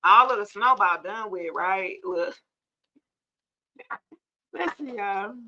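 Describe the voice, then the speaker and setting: A woman hosts a tarot live stream, chatting loosely and animatedly with viewers. Her voice is bright and forceful, and she talks in a lively, familiar way. The sound is slightly dull and lo-fi. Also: medium pitch, slow, slight background noise. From Georgia, US. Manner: chatty and animated, addresses viewers as y'all, laughs often. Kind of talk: casual live-stream chat.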